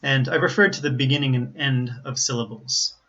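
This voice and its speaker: A man's voice: mid-range voice, fairly bright tone, highs cut off. Careful American man teaching pronunciation. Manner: slow, careful, repeats example words. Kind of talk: explaining pronunciation to learners.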